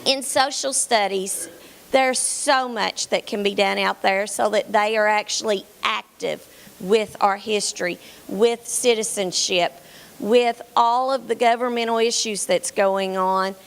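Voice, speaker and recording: Earnest, rushed teacher woman. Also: mid-range voice, fairly even intonation, creaky. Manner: hurried, earnest, with many um fillers. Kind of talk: grant pitch presentation.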